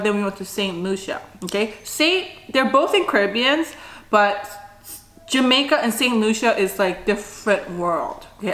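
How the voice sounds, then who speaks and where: A woman's voice: mid-range voice, a bit bright. Chatty middle-aged woman in an echoey room. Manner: chatty, frequent mm sounds while eating. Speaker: mukbang vlogger. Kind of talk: casual eating vlog chat. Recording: roomy echo.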